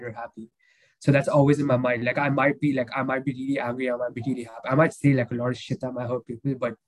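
A man's voice: mid-range voice, low-quality recording. A young man talking as a podcast guest in a casual, emotional chat. He rambles, with many fillers and restarts.

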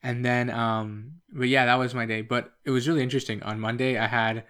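A man's voice: medium pitch, fairly even intonation, fairly quick, fairly bright tone, clean tone. A young man from Canada chatting casually as a podcast co-host, telling a long, rambling story and pushing to finish his point. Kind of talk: casual chat.

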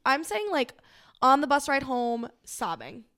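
A woman's voice: sits high, sing-song, a little slow, sharp tone. A young adult woman guesting on a podcast, chatting casually and leaning on "like" a lot. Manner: chatty, leans heavily on "like".

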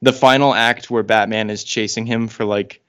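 A man's voice: lowish voice, fairly even intonation, normal speed, fairly bright tone, clear, resonant tone. A man co-hosting a podcast, chatting casually in a wry, rambling way with frequent fillers. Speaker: podcast co-host.

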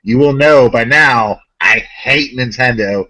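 A man co-hosting a casual gaming podcast, ranting in an animated, profane way. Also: medium pitch, slow pace, poor audio. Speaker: podcast co-host.

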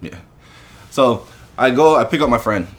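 A man casually telling an animated story in conversation, acting out the people he quotes. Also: medium pitch, normal speed. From Canada.

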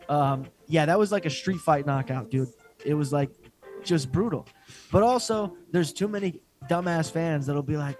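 A man's voice: on the high side, normal speed, soft background music. A man co-hosting a podcast, ranting and joking in casual chat with lots of swearing. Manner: profane, joking, excitable rants. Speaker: podcast co-host.

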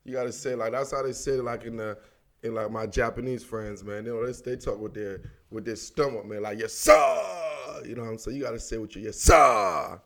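A man's voice: lowish voice, steady tone, fast talker. A man from Africa hosting a sports talk show, riffing casually in slangy, rambling talk that is full of "dog" and "man" and broken up by frequent chuckles. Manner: laughs often mid-sentence. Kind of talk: casual sports commentary monologue.

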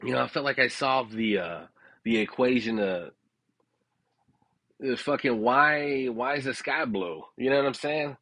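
On a dry recording, a man with a fairly bright, mid-range voice and measured pace spins a casual, profane personal story that rambles on. He laughs at his own tale and keeps checking in with his audience with frequent "you know what I'm saying."

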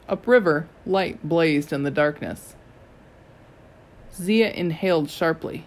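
A reader giving a steady, first-person audiobook narration. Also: medium pitch, takes it slowly, pauses often.

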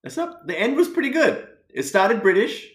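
A man's voice: high voice, very animated, normal speed. A man with an Australian accent hosting a podcast, chatting casually with dry, playful teasing. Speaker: podcast host. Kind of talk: casual conversation. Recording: roomy echo.

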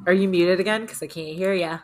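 A woman's voice: fairly low pitch, fairly even intonation, fast talker, over music. Self-deprecating woman podcast co-host. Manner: laughs often, self-deprecating, restarts. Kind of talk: casual chat.

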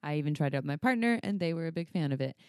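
A woman's voice: deep voice, expressive, racing, dry recording, clean studio sound. A woman co-hosting a podcast, chatting frankly and playfully and laughing often. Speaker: podcast co-host, sex educator. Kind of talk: casual podcast chat.

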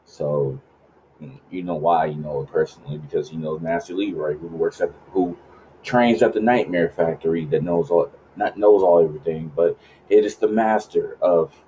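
A man's voice: sits low, moderate pace, dark tone, slight background noise, poor audio. A man in his late thirties hosting a podcast, rambling casually and swearing freely. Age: late 30s. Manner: rambling, profane, laid-back. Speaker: podcast host.

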